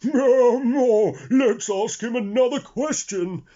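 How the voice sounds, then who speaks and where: Man reading as a mocking storybook elephant; high, husky, lively. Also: very slow, full character voice. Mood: teasing. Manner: mocking, teasing. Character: sniggering clever elephant. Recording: dull lo-fi recording.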